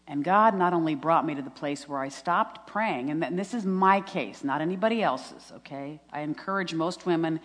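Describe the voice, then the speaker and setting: Low-voiced woman preaching in a hall. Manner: earnest, scripture-quoting, laughs at herself. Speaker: speaker at a women's retreat. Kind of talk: testimony sermon. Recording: long reverb in a hall.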